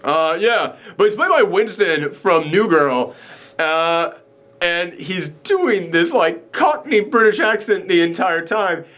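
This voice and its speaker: Animated ranting man, slightly high voice. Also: slow. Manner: animated ranting, acts out quoted lines in mock voices; rambling with many fillers and restarts. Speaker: podcast host reviewing a film. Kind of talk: casual film reaction chat.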